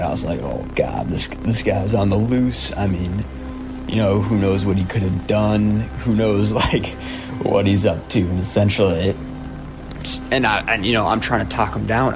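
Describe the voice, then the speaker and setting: A young man telling a personal story in a halting way, with nervous laughs. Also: on the low side, steady tone, over music.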